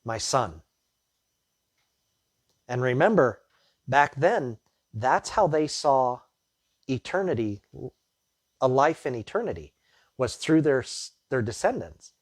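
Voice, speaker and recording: A man's voice: medium pitch, lively intonation, unhurried, long pauses, no echo, studio quality. A man preaching a sermon as pastor, reading the Bible passage and then retelling the story in plain, conversational words with his own asides.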